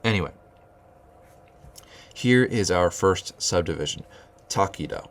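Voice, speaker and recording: A man's voice: deep voice, a little slow. A man teaching rhythmic solfege, explaining note beams and chanting counting syllables, often restarting his phrases. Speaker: music teacher.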